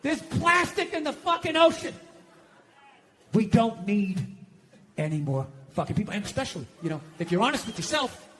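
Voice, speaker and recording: Loud ranting man doing stand-up. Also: big pitch swings, moderate pace, a little hiss or hum. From United States. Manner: loud, ranting, profane, swings between shouting and low muttering. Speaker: stand-up comedian. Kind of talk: stand-up comedy set.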